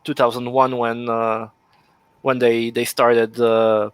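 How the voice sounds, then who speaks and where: A man in casual livestream discussion, adding details in a measured, matter-of-fact way over a video call. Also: mid-range voice, little pitch movement, smooth, no echo.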